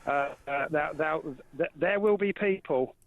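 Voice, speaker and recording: A man's voice: fairly high pitch, measured pace, no room sound. A male caller on a phone-in radio show, talking in a heated way and repeating words when worked up. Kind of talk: phone-in call. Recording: tinny phone line.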